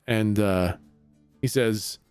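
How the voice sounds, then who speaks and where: A man's voice: fairly low pitch, extremely slow, darkish tone, clear, resonant tone, faint music behind. A man narrating as game master of a tabletop game, rambling and casual. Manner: rambling, casual, with fillers and profanity.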